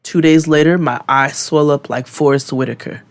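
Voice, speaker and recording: A man telling a long story on his podcast, animated and profane, acting out what everyone said. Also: a little high, moderate pace. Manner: animated, profane, acts out quotes. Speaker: podcast co-host. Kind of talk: casual storytelling.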